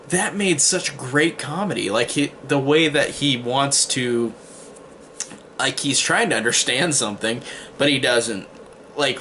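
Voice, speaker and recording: A man's voice: mid-range voice, bright, forceful tone, a little hiss or hum. A man giving a casual spoken movie review, rambling with frequent restarts and fillers.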